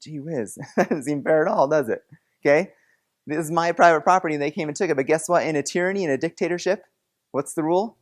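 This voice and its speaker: A man's voice: a little high, quick pace. Upbeat man teaching a classroom. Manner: upbeat, playful, coaxing students. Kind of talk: classroom object lesson.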